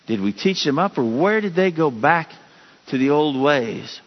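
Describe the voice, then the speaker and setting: A man preaching a sermon as a pastor, with sudden rises in pitch and emphasis. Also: animated, normal speed. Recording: dull lo-fi sound with long hall reverb.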